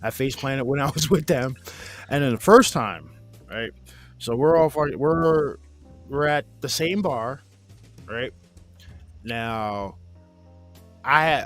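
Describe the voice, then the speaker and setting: With a fairly bright tone and medium pitch, a man in his forties hosts a casual chat. He laughs through a rambling, profane story, voicing his friends' lines along the way.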